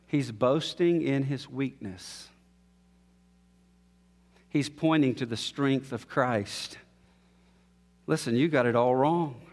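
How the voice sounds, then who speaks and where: A male pastor preaches with a high, carrying voice that swells to emphatic high points and then falls back to low, quiet asides. His sermon rings through a church sanctuary, trailed by a long hall reverb. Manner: expository, rising to emphatic peaks, then dropping low.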